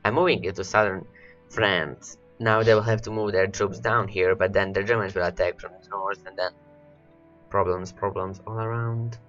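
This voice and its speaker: A man's voice: sits low, steady tone, moderate pace, a bit bright, muffled recording, soft background music. A man rambling through gameplay commentary, his voice worn and cracking from hours of talking, repeating words as he talks to his units. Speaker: let's play host.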